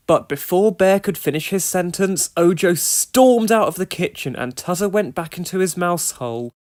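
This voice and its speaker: A woman narrating a children's storybook aloud with expressive storytelling. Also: lowish voice, normal speed, few pauses. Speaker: storybook reader.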